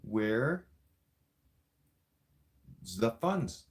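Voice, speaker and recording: A man's voice: medium pitch, lively intonation, drawn-out words. A man in a profane, mocking political rant, cursing and repeating himself. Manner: vaping while talking. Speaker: vlogger.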